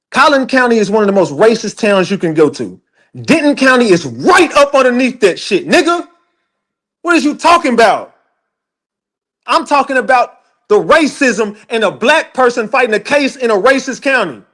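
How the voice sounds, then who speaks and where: In a very high-pitched, fairly bright voice, a man rants on his livestream. He addresses his chat directly, profane and emphatic throughout the heated tirade.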